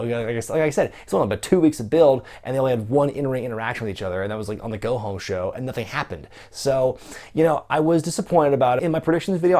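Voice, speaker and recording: A man's voice: mid-range voice, darkish tone. A young man giving a casual, chatty solo review of a wrestling event, with lots of asides and fillers.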